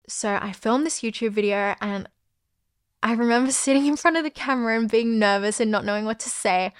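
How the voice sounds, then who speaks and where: A woman's voice: mid-range voice, clean tone, dry recording, clean studio sound. A young woman, hosting a podcast and telling a personal story in a candid, chatty way, full of "like" and the odd swear word. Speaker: podcast host.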